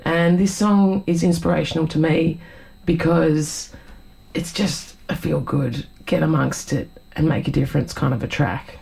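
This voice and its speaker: Gravelly, husky radio co-host. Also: medium pitch, steady tone, unhurried, a little mellow, rough recording. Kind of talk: casual on-air chat.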